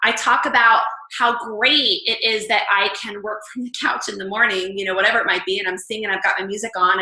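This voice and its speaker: A woman leading a casual coaching call for her fitness business team, chatty and animated. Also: on the high side. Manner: chatty, animated, acts out quoted lines. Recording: echoey room.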